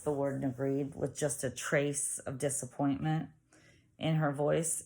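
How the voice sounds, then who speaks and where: A woman narrating a novel aloud in a steady storytelling manner. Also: extremely low pitch, a little slow, creaky. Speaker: audiobook reader. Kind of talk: audiobook narration.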